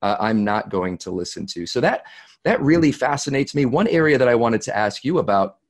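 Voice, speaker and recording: A man's voice: medium pitch, expressive, brisk. A man with a Boston accent interviewing a guest, asking reflective questions. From Boston, New England.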